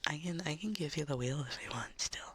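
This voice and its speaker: A woman with a Southern US accent, whispering and giggling softly while chatting on a live ASMR stream. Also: low-pitched, a little fast, breathy edge.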